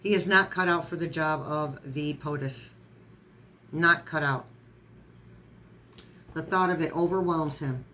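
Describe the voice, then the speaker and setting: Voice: medium pitch, a little slow, pauses often, bright, forceful tone, slight background noise. A tarot reader in a casual online reading who strings card keywords together, stumbles and corrects words, and adds sarcastic asides.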